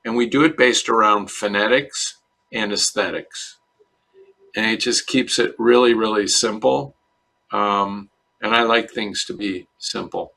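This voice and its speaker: A middle-aged man from Chicago, a dentist answering interview questions in a relaxed, storytelling way. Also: fairly low pitch, measured pace, creaky. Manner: relaxed storyteller, acts out quoted voices. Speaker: dentist guest.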